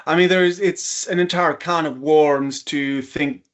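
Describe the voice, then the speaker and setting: A man's voice: fairly high pitch, steady tone, unhurried, muffled recording. A man hosting a long interview, framing his questions thoughtfully with hesitations and restarts. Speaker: podcast host, interviewer. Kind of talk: long-form conversational interview.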